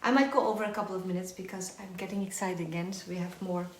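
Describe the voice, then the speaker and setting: A woman's voice: fairly low pitch, quick pace, slight background noise. A woman teaching a live online belly dance class, counting and singing rhythms as she dances and drifting nearer and farther from the mic. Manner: energetic, counts and sings rhythms while dancing. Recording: echoey room with faint music.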